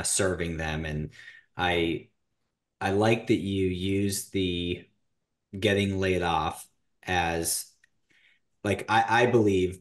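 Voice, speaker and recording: A man hosting a podcast interview, asking long questions with frequent restarts and rambling asides. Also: low-pitched. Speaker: podcast host. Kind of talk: casual interview.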